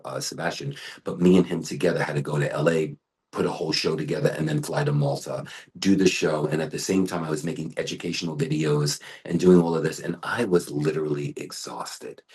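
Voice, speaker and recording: A middle-aged man and hair artist talking in an interview, telling animated stories with frequent restarts. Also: a bass voice, husky. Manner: animated storytelling with many restarts. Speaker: global ambassador and hair artist.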